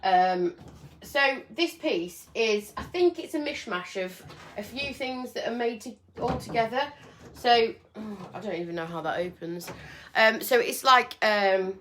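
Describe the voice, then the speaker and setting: A woman chatting on a casual livestream from home, her voice bright and forward. She rambles in a friendly, self-deprecating way and fills her pauses with ums. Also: medium pitch. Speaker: furniture painter and livestream host. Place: home with doors open.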